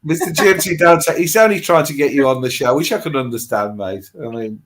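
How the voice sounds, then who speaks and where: A man's voice: on the high side, a little fast. Wry joking man. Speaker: show regular. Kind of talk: casual group chat.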